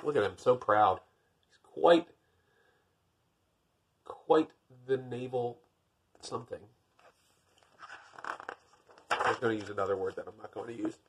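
Guy reading a kids' storybook out loud, kinda husky, deadpan jokes between pages. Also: mid-range voice, measured pace, long pauses. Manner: dry, wry, self-deprecating asides. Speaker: realtor reading a picture book aloud. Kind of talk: storybook reading with joking asides.

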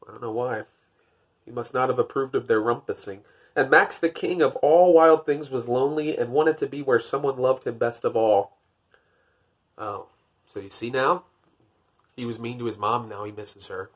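A man reading a picture book aloud, lifting his voice for the narration and dropping to wry, deadpan jokes in between. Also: moderate pace. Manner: wry, deadpan joking asides; rises for narration, drops low for asides. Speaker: podcast host.

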